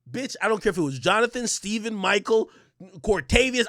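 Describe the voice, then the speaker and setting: Male streamer, high bright voice, swings wild, dry close sound, profane storyteller. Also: fairly quick, no room sound. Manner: profane, animated, shouts at peaks. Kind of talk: casual storytelling rant.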